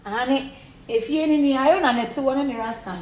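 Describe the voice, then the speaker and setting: A celebrity giving a home tour, this young woman talks to camera in a high-pitched, brisk voice with a Ghanaian accent. Her animated, casual chatter is blunt and full of swearing, mixing Pidgin and Twi.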